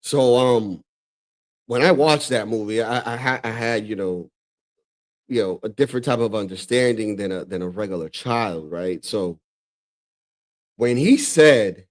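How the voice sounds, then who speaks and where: A man from the Dominican Republic hosts a stream, reacting to clips in loose, profane commentary full of "bro" and frequent laughter. His voice is fairly low, at a measured pace with frequent pauses.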